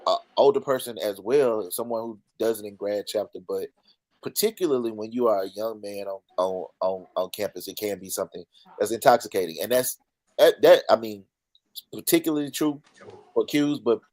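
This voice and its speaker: A man speaking in a measured, hesitant, thoughtful way in a casual group conversation. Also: lowish voice, a little mellow. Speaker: fraternity brother in a panel talk. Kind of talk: casual chat.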